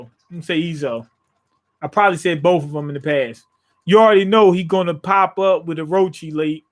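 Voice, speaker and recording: A man hosting a casual live reaction to a comic chapter, rambling with jokey asides and many restarts. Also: high-pitched. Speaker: manga reaction channel host.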